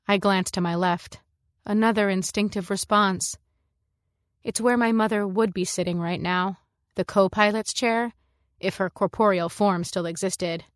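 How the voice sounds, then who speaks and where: A woman narrating a science fiction story in the first person, in a measured, reflective way. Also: mid-range voice, steady tone, no room sound, clean studio sound. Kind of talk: scripted narration.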